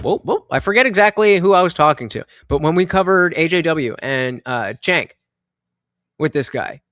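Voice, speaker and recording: Male streamer, rambling reaction commentary; high, bright, dry close mic. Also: no room sound. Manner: rambling, many fillers and restarts. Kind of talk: casual live-stream commentary.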